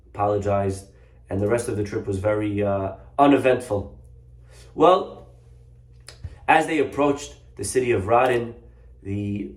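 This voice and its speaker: A man, a rabbi, telling a story in a Torah lesson, animated and acting out the characters. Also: mid-range voice. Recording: echoey room.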